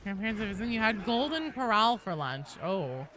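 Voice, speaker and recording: A woman's voice: medium pitch, big pitch swings, brisk, fairly bright tone, a little hiss or hum. A woman streaming a game, chatting casually and answering viewers' messages while she plays. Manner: chatty, reads and answers chat while playing. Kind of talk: casual live-stream chat.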